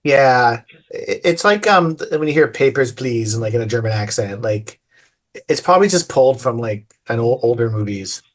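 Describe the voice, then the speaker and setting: A man's voice: mid-range voice, lively intonation, normal speed. A man chatting casually as a podcast guest, easygoing and rambling, laughing easily. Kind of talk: casual film discussion chat.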